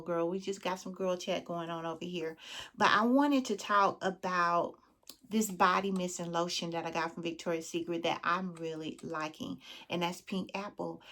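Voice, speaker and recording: A Southern US woman with a mid-range, fairly bright voice chats casually with her viewers. She's a beauty vlogger and calls them "friend" and "girl."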